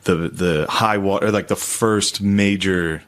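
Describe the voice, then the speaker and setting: A man's voice: low voice, fairly even intonation, slow pace. A young man co-hosting a comedy podcast, rambling through profane stories with lots of fillers. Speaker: podcast co-host. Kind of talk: casual comedy chat.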